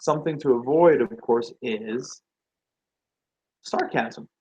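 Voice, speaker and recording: A man's voice: medium pitch, slow, darkish tone, breathy edge, low-quality recording. A man giving a motivational talk on branding and sales, asking the listener rhetorical questions and acting out quoted reactions. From Nordic.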